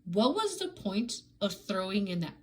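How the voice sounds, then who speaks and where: A woman's voice: medium pitch, sing-song, a little slow, rough recording. A woman giving a casual, sarcastic book review, ranting in an exasperated way with frequent "like" fillers and restarts.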